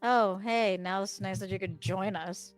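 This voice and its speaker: A woman's voice: medium pitch, steady tone, unhurried, soft background music. A woman playing a tabletop game, talking in a sarcastic, teasing way. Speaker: player. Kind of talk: casual tabletop game play.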